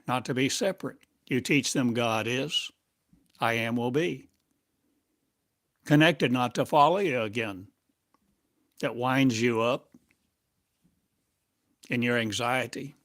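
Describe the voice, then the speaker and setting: A man speaks as a spiritual teacher in a channeled monologue, stretching each phrase out at a very slow, deliberate pace. He keeps asking rhetorical questions, and his voice sits mid-range. The recording is dry, with no room sound around him. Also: mid-range voice, a bit bright, no echo.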